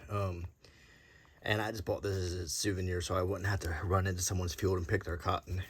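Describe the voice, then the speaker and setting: Deep soft-spoken Southern man. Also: little pitch movement, breathy edge. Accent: faint Southern US. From Alabama, USA. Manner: soft-spoken, unhurried, with many ums and uhs. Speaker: show-and-tell host. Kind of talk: soft-spoken unintentional ASMR show and tell.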